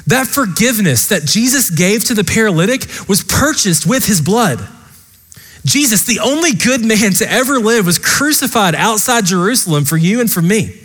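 A man's voice: sits high, lively intonation, normal speed, a bit bright, husky, big-room sound. A man preaching a sermon as pastor, earnest and impassioned, speaking straight to the congregation. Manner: earnest, impassioned preaching with repeated direct address.

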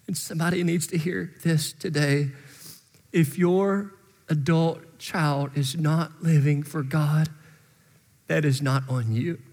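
Pastor preaching in a reverberant hall. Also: male voice, fairly high pitch, steady tone, slow, a little mellow. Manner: conversational storytelling rising to impassioned exhortation. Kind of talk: sermon. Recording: long reverb in large hall.

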